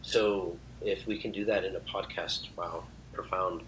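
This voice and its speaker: An earnest man with a lowish voice talks in an effusive, reflective way during a relaxed podcast chat. A faint rumble hums beneath his voice. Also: a little slow, rough recording. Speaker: podcast guest, uncle of host. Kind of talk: casual conversation.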